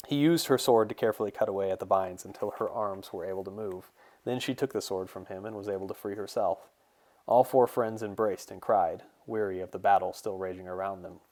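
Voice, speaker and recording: A man, the author, reading his fantasy novel in a steady, measured storytelling voice. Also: low voice. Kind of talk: audiobook narration.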